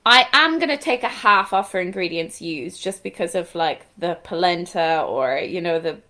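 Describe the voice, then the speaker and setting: A woman co-hosting a cookbook podcast, telling stories in an animated way and bursting into laughter. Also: on the low side, normal speed. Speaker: podcast co-host. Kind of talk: casual chat.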